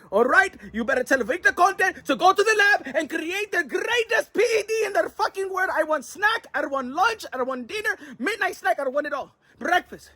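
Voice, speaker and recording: A man putting on a bossy, foul-mouthed boxing promoter who shouts orders and curses. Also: very high voice, no echo, voice pushed up, exaggerated voice.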